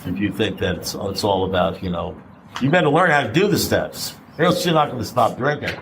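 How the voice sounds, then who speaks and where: A man's voice: fairly low pitch, big pitch swings, fairly quick, creaky, fairly bright tone, a little hiss or hum, rough recording. A middle-aged man speaking at a recovery meeting, blunt and conversational, throwing out rhetorical questions and the odd curse. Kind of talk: personal share at a recovery meeting.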